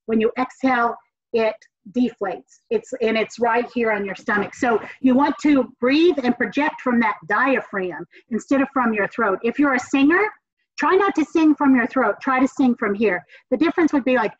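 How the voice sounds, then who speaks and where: A woman from the Southern United States with a Southern American accent, a communications professor giving an energetic, encouraging classroom lecture with emphatic repetition. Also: on the high side, moderate pace, no room sound. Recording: dull, dry lo-fi recording.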